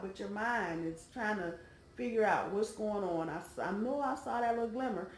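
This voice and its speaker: A woman's voice: mid-range voice, fairly quick, echoey room, a little hiss or hum. A woman giving a casual, rambling tarot reading, talking straight to her viewers with emphasis, recorded on a phone microphone. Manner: chatty, rambling, emphatic direct address. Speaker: tarot reader.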